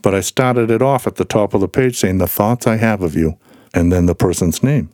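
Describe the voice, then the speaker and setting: A man's voice: lowish voice, a little fast, no echo, studio quality. A man guest on a faith podcast, telling personal stories in casual conversation and acting out the voices he quotes. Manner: animated storyteller, acts out quoted voices.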